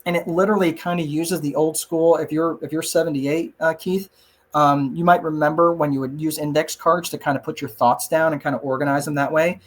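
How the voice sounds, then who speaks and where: A man's voice: fairly high pitch, fairly even intonation, a little fast. A man teaching a casual online class and answering chat questions, conversational and self-joking, with frequent asides to listeners. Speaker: class presenter.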